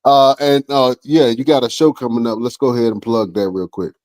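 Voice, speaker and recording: Excitable podcast host man. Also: medium pitch, a little fast. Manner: enthusiastic, laughs easily, slangy. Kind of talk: casual interview chat.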